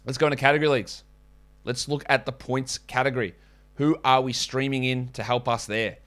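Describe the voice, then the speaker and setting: A man hosting a fantasy basketball podcast, talking casually with quick asides and self-corrections. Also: mid-range voice, fairly even intonation, a bit bright. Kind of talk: casual podcast talk with ad reads.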